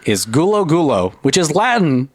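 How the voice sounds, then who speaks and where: A man's voice: on the high side, moderate pace, dry recording, studio quality. A man hosting a casual podcast, quizzing his friends with laughter and swearing. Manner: animated, laughing, profane. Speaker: podcast host and quizmaster.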